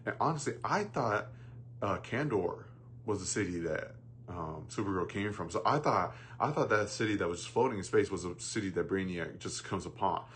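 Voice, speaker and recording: Rambling, profane man with a low voice. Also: lively intonation, moderate pace, a little hiss or hum. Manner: rambling, profane, with many fillers and restarts; bursts into loud mocking jokes. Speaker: movie reviewer. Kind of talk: casual rant.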